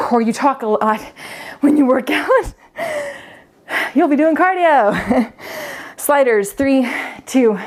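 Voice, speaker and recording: Breathless young female fitness coach, slightly high voice, chatty, counts reps aloud mid-exercise. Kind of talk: talking while leading a home workout.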